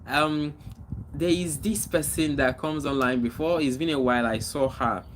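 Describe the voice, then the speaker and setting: Male streamer, casual chat with viewers, mid-range voice, faint background noise. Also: medium pitch. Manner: reads out viewer comments and greets them by name; animated greetings, then slower reflective talk. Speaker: livestream host.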